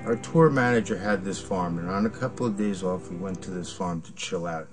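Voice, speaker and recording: A man with a lowish voice tells road stories in a loose, rambling way. He swears freely and restarts his sentences often, and there is a chuckle never far from his words. This is casual documentary interview talk. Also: fairly quick, over music. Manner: rambling, profane, laughs through anecdotes. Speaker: former band member interviewee.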